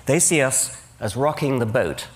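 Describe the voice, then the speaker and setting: A man's voice: mid-range voice, lively intonation, normal speed. Man, older, English accent, precise dry irony, stage lecture, large auditorium. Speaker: conference speaker. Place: large auditorium with live audience.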